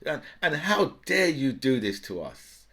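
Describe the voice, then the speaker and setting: A man's voice: medium pitch, sing-song, unhurried, pushed and bright. A middle-aged man giving an indignant, mocking political rant, tagging lines with "right?" and "yeah". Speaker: political commentator. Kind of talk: ranting political monologue.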